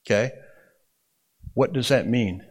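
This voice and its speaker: A husky-voiced man of ordinary, middle-range pitch teaches a Bible class slowly in a classroom. He talks in an easygoing, conversational manner, regularly tossing "okay?" or "right?" to his students.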